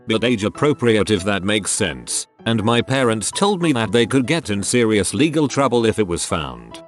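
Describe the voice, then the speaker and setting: A man narrating a string of short forum posts in a steady, even reading manner. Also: on the low side. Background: faint background music.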